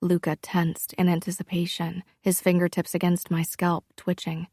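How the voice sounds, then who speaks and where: Woman reading a romance audiobook, slow and hushed, low gravelly voice. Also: completely flat delivery, dry recording, studio quality. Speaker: audiobook narrator. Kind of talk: first-person romance narration.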